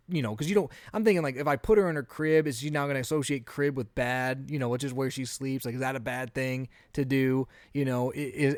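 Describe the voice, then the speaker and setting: A man in his thirties, a podcast co-host telling an animated story in a casual chat, often acting out what he said. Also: medium pitch, dry recording, studio quality.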